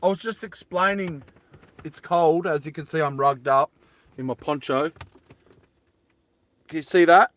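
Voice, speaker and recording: A man's voice: fairly high pitch, steady tone, measured pace, pauses often, a bit bright. An Australian man streaming live from inside his van, rambling casually and greeting viewers as they join. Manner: rambling, greets viewers and answers chat aloud. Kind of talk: casual livestream chat.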